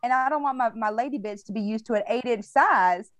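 A woman's voice: a little high, brisk, dry recording. A woman co-hosting a podcast, talking frankly and emphatically in casual chat, with plenty of swearing. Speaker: podcast co-host.

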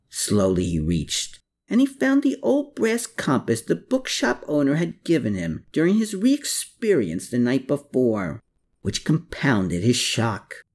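An audiobook narrator reading a novel chapter in an expressive storytelling voice. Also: medium pitch.

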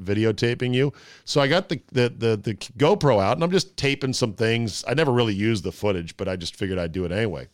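A man hosting a sports talk podcast on a studio mic, telling stories in a casual, animated way. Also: mid-range voice, dry recording. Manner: animated storyteller, fiddly with gear.

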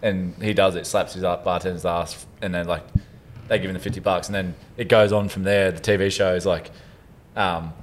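A man's voice: deep voice, fairly even intonation, brisk. A man, co-hosting a podcast in casual, crude, rambling banter. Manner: rambling, crude, laughing often. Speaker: podcast co-host.

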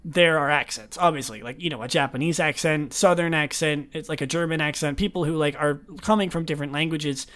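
A young man hosts a casual podcast chat, his voice sitting a little higher than most men's. He rambles through tangents, restarting sentences and laughing along the way. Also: a little fast, few pauses, fairly bright tone. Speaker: podcast host.

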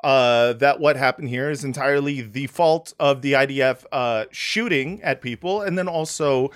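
A man's voice: medium pitch, normal speed, clear, resonant tone. A man hosting a comedy podcast, talking in a sarcastic, rambling way with many fillers. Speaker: podcast host. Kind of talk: casual comedic podcast chat.

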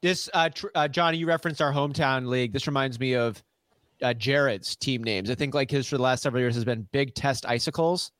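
A man's voice: medium pitch, brisk, a bit bright, dry recording. A man, co-hosting a podcast, tells a story in casual chat, acting out the quotes and laughing often. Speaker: podcast co-host.

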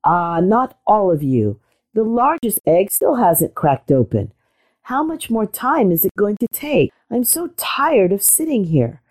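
A woman's voice: medium pitch, sing-song, unhurried, darkish tone. A woman reading a storybook aloud, voicing a fussy, impatient mother duck who frets and boasts about her brood. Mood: weary. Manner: fretful, proud and chatty.

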